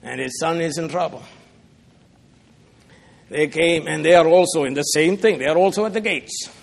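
A middle-aged man preaching a sermon, swinging from loud, pointed rebuke to hushed, quiet asides. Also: fairly high pitch, moderate pace, creaky. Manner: dramatic, swings from loud rebuke to soft murmurs.

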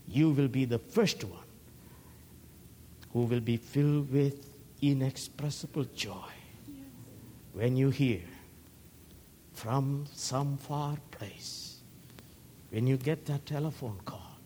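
Impassioned preacher, loud then whispering. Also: male voice, medium pitch, slow pace, pauses often, slight background noise. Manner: impassioned, swings from loud cries to hushed whispers. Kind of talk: sermon.

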